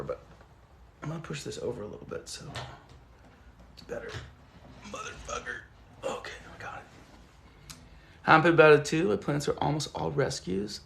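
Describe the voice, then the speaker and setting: A man's voice: a little high, creaky, fairly bright tone. A young man hosting a casual live stream from home, rambling loosely and swearing as he reads the chat aloud. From Southern California. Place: at home among plants. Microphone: phone.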